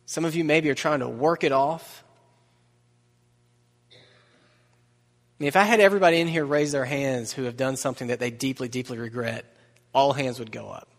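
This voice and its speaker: A man preaching a sermon in a relaxed, conversational way, mixing humor and asides into the message. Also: medium pitch, moderate pace, long pauses. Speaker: pastor. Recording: long reverb of a large hall.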